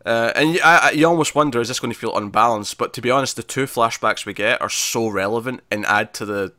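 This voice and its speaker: A man hosting a podcast, retelling a TV episode in casual chat, animated and laughing, with many fillers and restarts. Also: mid-range voice, fast talker, dry recording, studio quality. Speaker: podcast host reviewing a TV episode.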